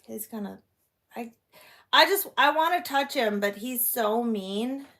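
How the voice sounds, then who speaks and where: Speaking in a bright, animated voice on the high side, a woman chats in a casual vlog filmed on her phone at home. She's talkative, swears some, and drags out her complaints, all in a reverberant indoor room.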